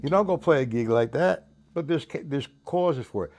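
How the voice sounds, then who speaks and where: A man's voice: mid-range voice, expressive, normal speed, loud music behind the voice. A man giving a casual drum lesson. He counts beats aloud and talks in loose, restarting sentences, dropping in "man" here and there. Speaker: drum teacher.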